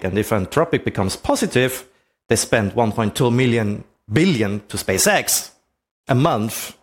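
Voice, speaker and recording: Man with a lively, swooping voice. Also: medium pitch, moderate pace. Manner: rhetorical questions, conversational. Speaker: presenter. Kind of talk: explanatory talk with slides.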